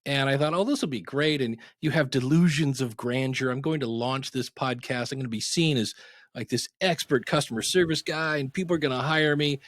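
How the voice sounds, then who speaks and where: A middle-aged man, a podcasting teacher, telling anecdotes in a casual interview and acting out quotes with sudden pitch jumps. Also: brisk, fairly bright tone, no echo.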